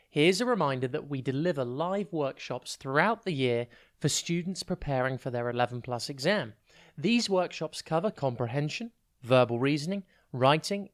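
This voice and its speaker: Upbeat vocabulary tutor with a lively voice. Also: mid-range voice. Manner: upbeat, clearly spells out and defines words. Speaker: vocabulary tutor and podcast host. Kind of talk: scripted educational podcast.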